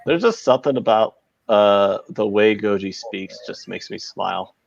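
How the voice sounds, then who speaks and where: A man's voice: on the low side, normal speed, gravelly, no echo, dull audio. A man hosting a casual live sports betting podcast, talking in a brash, profane, rambling way. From United States. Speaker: podcast host.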